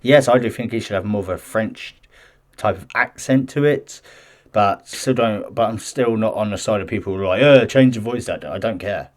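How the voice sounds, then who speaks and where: A man with a fairly low voice, speaking at normal speed, hosts a gaming news vlog. He reads an article aloud, mixing in chatty, defensive commentary and stumbling frequently.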